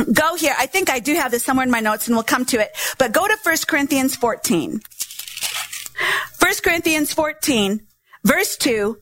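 A woman's voice: high-pitched, fairly bright tone, no room sound. A middle-aged woman pastor preaching a sermon, teaching patiently and sounding out syllables to demonstrate.

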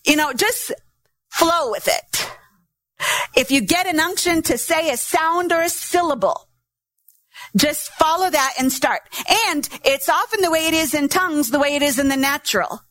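A woman's voice: high voice, moderate pace, fairly bright tone. A middle-aged woman pastor preaching a sermon, teaching patiently and sounding out syllables to demonstrate.

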